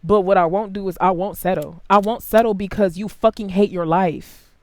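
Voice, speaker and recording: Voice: steady tone, moderate pace, no echo. Blunt, profane tarot reader, dry sound. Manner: big jumps in pitch and loudness. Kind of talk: casual tarot reading to camera.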